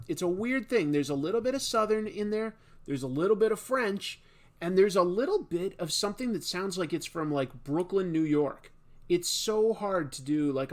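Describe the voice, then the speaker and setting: Gravelly chatty man streaming live. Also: fairly high pitch. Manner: chatty, self-deprecating, laughs often. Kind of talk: casual live stream chat.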